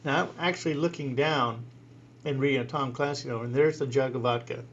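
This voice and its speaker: A man in his sixties, a priest, telling a personal story in an interview, animated, acting out voices and laughing often. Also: mid-range voice, a little fast, muffled recording, slight background noise.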